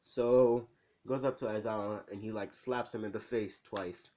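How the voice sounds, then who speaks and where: A man casually retelling a fan-made story in a rambling, animated way. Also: lowish voice, normal speed.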